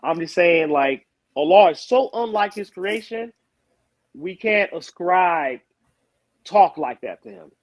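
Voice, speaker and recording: A man's voice: high-pitched, expressive, slow, no echo. A Muslim man in a casual debate, talking loosely and repeating his words as he explains. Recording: dull lo-fi call audio.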